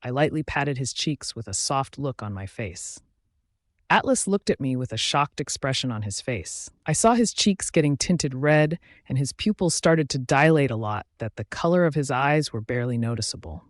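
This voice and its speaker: A man narrates a romance novel in steady, scripted first-person prose. His voice sits at an ordinary middle pitch. The recording is close and dry, with no room around it. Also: moderate pace, no room sound. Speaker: audiobook narrator.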